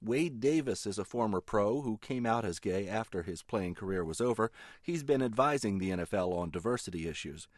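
A man delivering a radio news report in a measured, clear way. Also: on the low side, expressive, no room sound, studio quality.

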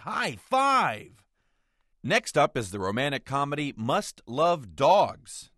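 A man's voice: mid-range voice, dry recording, studio quality. A man delivering a scripted, sarcastic movie-review roundup on the radio. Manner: wry, sarcastic, expressive. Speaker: film critic roundup writer. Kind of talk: scripted comic radio commentary.

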